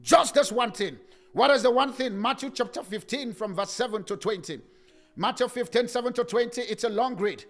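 A man preaching a sermon with passion, swinging into sing-song cadences and rising to shouts. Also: extremely high pitch, normal speed.

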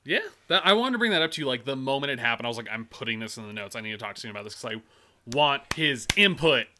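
Young man, very bright tone, casual podcast chat, sarcastic storyteller who swears a lot. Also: mid-range voice, animated, quick pace. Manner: rambling, profane, sarcastic storytelling.

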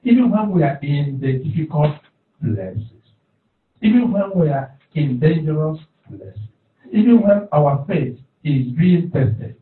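A man's voice: a little high, big pitch swings, unhurried. A man preaching a sermon, repeating his phrases and calling for responses from the congregation. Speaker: pastor. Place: church hall. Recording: echoey hall, distant, phone-like.

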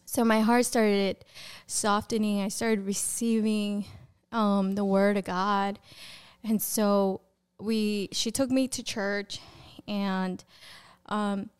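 A young woman telling her faith testimony as a podcast guest, in a casual, animated way, acting out the voices she remembers and laughing often. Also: mid-range voice, slow, clear, resonant tone. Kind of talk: personal testimony in casual conversation.

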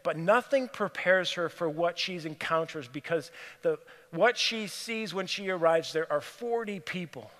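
A man preaches in an earnest storytelling voice that sits a little higher than most men's. He often sinks to a hushed, near-whispered tone. His words ring out with a long reverb, as if in a large hall. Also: a little slow. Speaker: pastor. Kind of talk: sermon.

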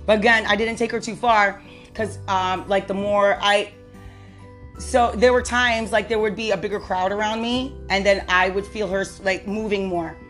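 A woman's voice: mid-range voice, fairly even intonation, normal speed, fairly bright tone, soft background music. A woman hosting a casual solo podcast, rambling with fillers and laughing easily. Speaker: podcast host.

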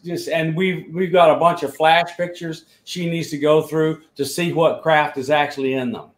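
A man's voice: on the high side, steady tone, normal speed. A middle-aged man on a video call, a scientist and engineer, explaining videos and measurements in a plain, technical, matter-of-fact way. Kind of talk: casual show-and-tell explanation. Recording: echoey room sound.

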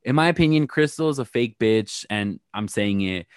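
A man's voice: on the low side, expressive, normal speed, clear, resonant tone, dry recording, studio quality. Man dishing gossip with blunt shade. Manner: gossipy, blunt, playfully shady. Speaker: podcast co-host recapping reality TV. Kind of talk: casual chat.

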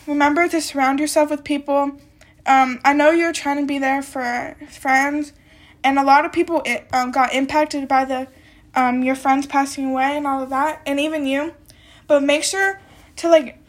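Young female podcast host with a high voice and a bit of a cold, talks in loose, rambling chat. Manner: rambling, chatty, heavy use of "like" and "um". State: has a little cold. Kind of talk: casual solo podcast talk.

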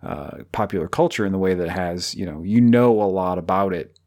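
A man's voice: low voice, fairly quick, a little mellow. A man co-hosting a podcast, talking casually about films in a rambling, jokey way with lots of fillers. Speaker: podcast co-host. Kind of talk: casual film discussion.

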